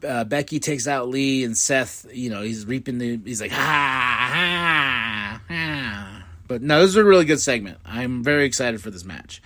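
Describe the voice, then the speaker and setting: On his podcast, a male host gives a casual, excitable recap, acting out quotes in quick voices. His pitch is medium.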